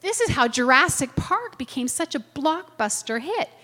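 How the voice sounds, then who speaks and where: Animated woman teaching in a reverberant hall. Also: high voice, normal speed. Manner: animated, checks in with listeners often. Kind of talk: classroom lecture with personal anecdotes.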